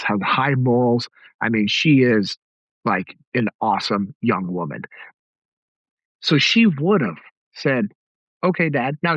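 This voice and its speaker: A man's voice: mid-range voice, dry recording, dull audio. A middle-aged man hosting a podcast, telling stories in a direct, conversational way. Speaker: podcast host. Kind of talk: casual podcast talk.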